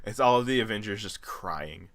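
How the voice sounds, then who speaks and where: Bright-voiced young man joking around. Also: on the low side, expressive, moderate pace, no echo, clean studio sound. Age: 20s. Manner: joking, rambling, laughs often. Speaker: podcast co-host. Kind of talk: casual chat.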